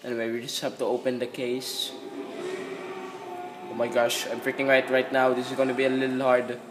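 A man giving excited gameplay commentary, repeating exclamations and talking to the screen. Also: medium pitch, a little fast, music in the background. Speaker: gamer.

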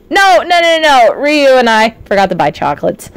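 Shrieky high-voiced excitable woman streamer. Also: normal speed, no echo. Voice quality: voice often cracking. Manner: excitable, shrieking, swearing at chat. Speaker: virtual streamer. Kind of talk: live gaming stream chat.

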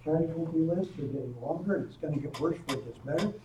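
A man, a professor, giving a history lecture to a college audience. He tells the story in a lively way and breaks in with offhand asides. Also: a little high, quick pace, few pauses, lo-fi sound, soft background music. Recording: echoey room, distant mic, faint noise.

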